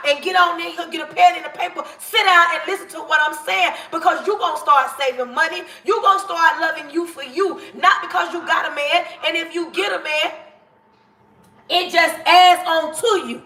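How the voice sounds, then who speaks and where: High, bright-voiced woman preaching to viewers. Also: far from the mic. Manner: emphatic, preachy, sometimes shouting at viewers; casual colloquial speech, addresses viewers as y'all and baby. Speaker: livestream host giving life advice. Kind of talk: motivational straight talk to viewers. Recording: echoey room, voice a bit off-mic.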